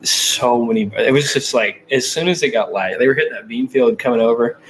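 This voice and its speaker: A man's voice: mid-range voice, a little fast, slight background noise, poor audio. A man on an outdoors podcast, chatting casually and chuckling about a past hunt. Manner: easygoing, chuckling. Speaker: podcast guest. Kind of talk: casual hunting chat.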